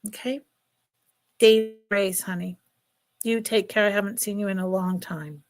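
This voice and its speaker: A woman's voice: medium pitch, steady tone, measured pace. A middle-aged woman hosting a casual live jewelry sale, chatty and emotional, often laughing. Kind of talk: casual live stream selling.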